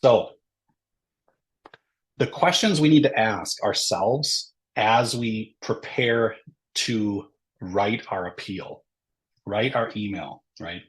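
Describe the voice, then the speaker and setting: In a webinar lecture, a male workshop presenter with a lowish voice speaks slowly with long pauses, explaining things step by step in a conversational way. He fills in with ums and uhs and often checks in with "right?" between points. The audio is poor.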